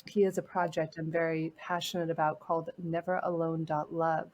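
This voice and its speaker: A woman guest in an interview, speaking earnestly and gently encouraging as she tells a personal story. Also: deep voice, level tone, normal speed, slight background noise. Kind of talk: heartfelt interview talk.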